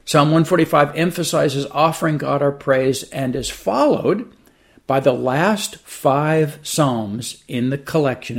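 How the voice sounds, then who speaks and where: A man preaching a sermon, explaining a psalm and telling a joke in an animated storyteller's manner. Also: medium pitch. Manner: animated storyteller with a playful build-up. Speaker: pastor.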